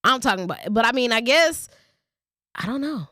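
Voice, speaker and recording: In a casual storytelling vlog, a woman reads a brief passage and then rants bluntly, swearing plenty along the way. She sounds high-ish, bright, expressive and forceful, talking fairly quickly, captured with studio quality and no echo.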